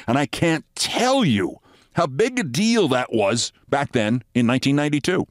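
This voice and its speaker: An older man hosting a show, telling a long anecdote in a lively way and acting out the dialogue. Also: medium pitch, normal speed, dry recording, clean studio sound. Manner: lively storyteller, acts out quoted dialogue. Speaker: host. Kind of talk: storytelling anecdote.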